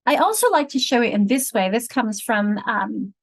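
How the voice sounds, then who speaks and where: A woman's voice: a little high, expressive, no echo, rough recording. Woman teaching a reading workshop, dry sound. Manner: explanatory, slowly sounding out example words. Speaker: literacy instructor. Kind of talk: online teacher training workshop. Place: at home.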